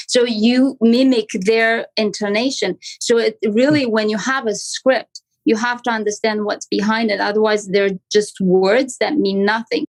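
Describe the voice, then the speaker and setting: A woman guest on a podcast, a real estate agent talking casually and acting out phone calls with lively intonation. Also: mid-range voice, normal speed, few pauses, low-quality recording. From Canada. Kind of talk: casual interview talk.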